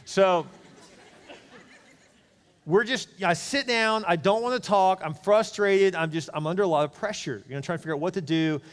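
A man's voice: high-pitched, normal speed, smooth, in a large hall. A man preaching a sermon, telling a candid personal story in a chatty, conversational way, with asides to the congregation. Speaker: pastor. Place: church.

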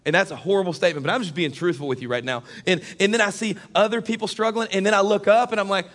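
A middle-aged man with a fairly high voice preaches a sermon. He talks like he's chatting with the congregation, then drops to a hush for personal stories before rising into loud, emphatic calls. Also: quick pace, hardly any pauses. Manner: conversational, swings from hushed storytelling to loud emphatic preaching. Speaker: pastor.

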